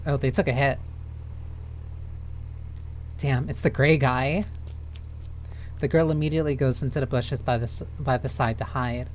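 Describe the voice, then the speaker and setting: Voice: medium pitch, fairly even intonation, moderate pace, long pauses, a little hiss or hum. Chatty streamer reading a game aloud. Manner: chatty, reads game text aloud with many fillers. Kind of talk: live game stream commentary.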